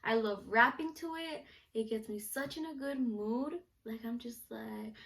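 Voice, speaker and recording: A woman's voice: fairly high pitch, fairly even intonation, measured pace, gravelly, hardly any pauses, a bit bright, a little hiss or hum. A young woman chatting casually to camera in a question-and-answer vlog, bubbly and full of "like" and "you know". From United States, Mexican parents. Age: young adult. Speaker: vlogger, student reporter.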